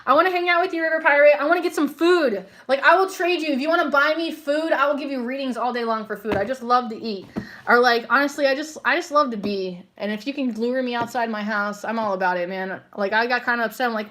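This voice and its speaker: A woman's voice: high-pitched, a little fast, a bit bright. A young woman hosting a casual live psychic reading stream, chatty and slangy, full of fillers and frequent laughter. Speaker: psychic livestream host.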